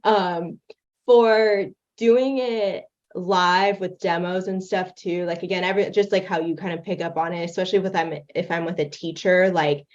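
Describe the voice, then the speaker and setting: A young woman talks through her animation setup in a loose, chatty way, full of fillers and quick laughs. Her voice sits a little low and comes over a dull, lo-fi call line. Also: steady tone. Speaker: guest creator demonstrating animation software. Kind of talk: casual livestream chat. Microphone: video call.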